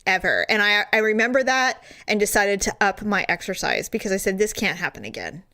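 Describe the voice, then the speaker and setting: A woman's voice: medium pitch, animated, brisk, pushed and bright. A middle-aged woman co-hosting a podcast, telling a story animatedly with quoted asides and laughter. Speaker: podcast co-host. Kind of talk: casual chat.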